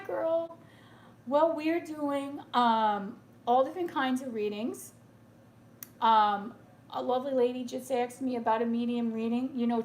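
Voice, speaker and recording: A woman's voice: fairly high pitch, slight background noise. Tearful woman giving a soothing tarot reading. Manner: soothing, reassuring, keeps asking "okay?". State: tearful, emotional. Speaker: tarot reader. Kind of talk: live tarot reading to viewers.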